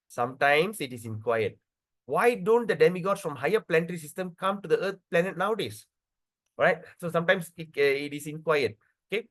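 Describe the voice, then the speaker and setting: A man teaching a devotional scripture class, checking in often with "okay" and "right", and spelling out pronunciation slowly. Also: fairly high pitch. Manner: lively, repeats words and checks in with "okay" and "right".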